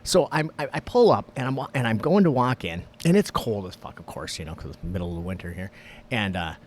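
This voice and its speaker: A man co-hosting a podcast, telling stories in casual, profane, animated chat. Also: fairly low pitch, brisk, slight background noise. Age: young adult. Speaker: podcast co-host.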